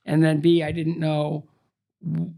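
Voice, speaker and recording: Gravelly older man telling stories. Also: fairly high pitch, a little slow. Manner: animated storyteller, acts out quoted voices. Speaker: interview guest, former figure skater. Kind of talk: storytelling in conversation.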